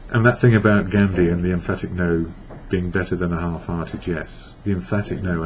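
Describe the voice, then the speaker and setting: A man's voice: deep voice, fairly even intonation, a little fast. A man from England giving a reflective personal monologue about recovery, rambling and correcting himself as he goes. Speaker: recovery blogger. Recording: dull lo-fi with faint hiss.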